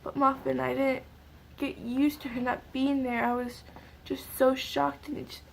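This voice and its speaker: A young woman vlogger tearfully retelling a sad personal story in a halting way, with many fillers and pauses. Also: high-pitched, level tone, vocal fry, slight background noise. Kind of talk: emotional storytime vlog.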